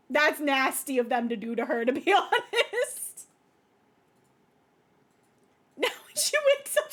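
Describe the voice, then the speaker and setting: A woman streaming a video game, chatting casually with her viewers, laughing often and breaking into loud playful outbursts. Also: high voice. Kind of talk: casual livestream gameplay commentary.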